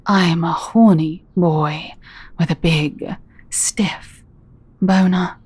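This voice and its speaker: A woman performing a scripted dominant audio role-play, speaking in a teasing, commanding way and often dropping into soft whispers. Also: on the low side, fairly even intonation, no room sound. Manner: teasing, commanding, slow and deliberate; soft-spoken, drops into breathy whispers.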